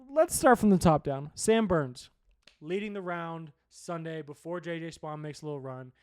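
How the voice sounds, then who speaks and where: A man's voice: a little high, a little mellow, no echo, clean studio sound. A young man hosting a sports podcast, recapping golf in a loose, profane, rambling chat.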